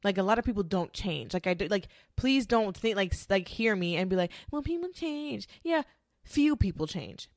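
A woman's voice: medium pitch, a little fast, few pauses, no room sound, studio quality. A woman hosting a podcast, talking in a blunt, emphatic, swear-heavy monologue. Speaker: podcast host. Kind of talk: casual monologue.

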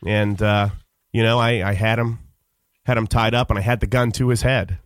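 A man telling a rambling, mock-solemn comic story on a radio show, halting with many fillers. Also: on the low side, steady tone, no echo, studio quality. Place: radio studio.

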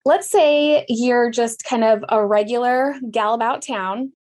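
A woman with a somewhat high voice talks in a relaxed podcast chat. She tells her story with animation, and her voice jumps up to stress points. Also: unhurried. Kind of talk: casual podcast conversation.

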